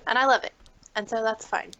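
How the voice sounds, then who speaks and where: Bright-voiced teasing woman co-host. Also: fairly high pitch, fairly even intonation, fairly quick, highs cut off. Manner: teasing, easygoing. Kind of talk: casual live-stream chat. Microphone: video call.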